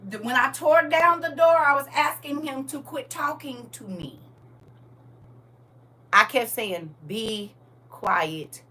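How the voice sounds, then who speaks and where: A woman's voice: sits high, takes it slowly, pauses often, sharp tone. A middle-aged woman hosting a live stream, telling blunt stories in casual talk. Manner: blunt, storytelling, scolding. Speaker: TikTok live host. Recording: distant from mic with faint noise.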